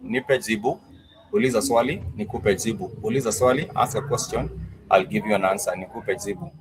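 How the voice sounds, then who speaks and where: Low-voiced man teaching a language class. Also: background noise. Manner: patient, repeats phrases for drilling; pauses with frequent "uh" fillers. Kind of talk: live-streamed language class.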